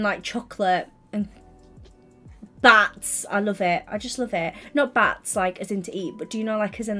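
A woman's voice: mid-range voice, a bit bright. A young woman chatting casually to her livestream audience, giddy and bubbly but tired and yawning, on a headset mic. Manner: giddy, bubbly and chatty, quick asides to chat.

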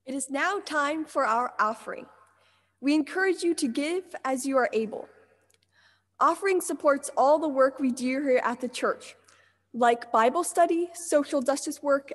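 A woman reads the church's offering announcement in a plain, steady way. Her voice is high and clear. It rings out with the long reverb of a church sanctuary.

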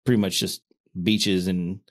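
A man in his thirties chatting casually on a podcast, stumbling and restarting his words when excited, laughing often. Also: sits low, measured pace. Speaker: podcast co-host. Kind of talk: casual chat.

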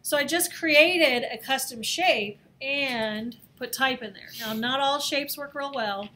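A woman teaching a screen-recorded design software lesson, talking in a chatty, playful way and laughing at herself as she works. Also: sits high, slow. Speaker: design instructor. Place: office or classroom.

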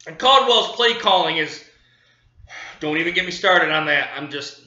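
A man's voice: on the high side, lively intonation, normal speed, bright, forceful tone, reverberant, muffled recording. A man ranting angrily about his football team, cursing and repeating himself, livid. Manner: profane, furious, repeating himself. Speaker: sports fan vlogger. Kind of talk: angry fan rant.

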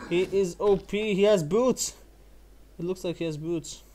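A man giving excitable gameplay commentary while playing, whooping, swearing and exclaiming often. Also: sits high, measured pace, slight background noise. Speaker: channel host playing a mobile game.

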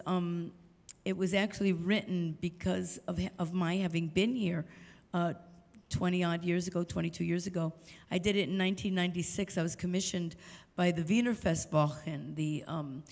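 A woman's voice: fairly low pitch, darkish tone. An older woman giving a storytelling lecture, animatedly acting out the voices of the people she quotes. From United States. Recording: long hall reverb.

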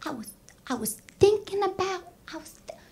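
A woman voicing an older mother-in-law with a slow, sing-song drawl. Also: very high voice, animated, vocal fry, a little mellow, pitched above the performer's own voice, full character voice.

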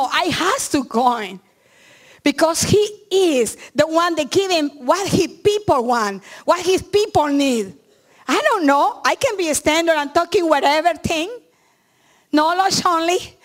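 Her voice sits high as this middle-aged woman pastor preaches with sincerity. English isn't her first language, so her delivery is halting, with many restarts.

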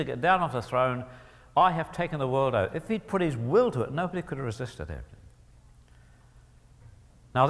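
A man giving an emphatic Christian teaching talk, often clearing his throat and putting rhetorical questions to his audience. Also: fairly high pitch, a bit bright. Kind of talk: lecture-style teaching talk. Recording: long hall reverb.

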